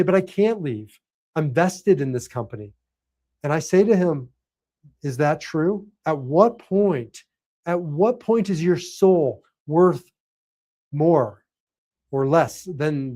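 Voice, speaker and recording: A middle-aged man delivers a motivational talk to other men. His voice sits at a middle pitch, and he speaks earnestly, in the manner of a preacher. He repeats key phrases for emphasis. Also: darkish tone. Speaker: host and life coach for men.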